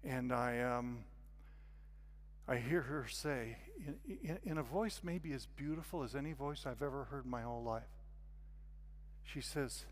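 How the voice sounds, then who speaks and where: Animated guest preacher in a hall. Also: male voice, medium pitch, unhurried, long pauses, a little hiss or hum. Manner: animated, confessional, swings from hushed to loud. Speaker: guest speaker. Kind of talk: sermon storytelling. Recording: long reverb of a hall.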